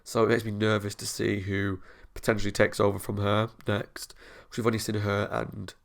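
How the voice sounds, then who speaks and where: A man's voice: on the low side, little pitch movement, moderate pace, creaky. A young man hosting a TV reaction video, chatting in an enthusiastic, rambling way. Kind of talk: casual recap to camera.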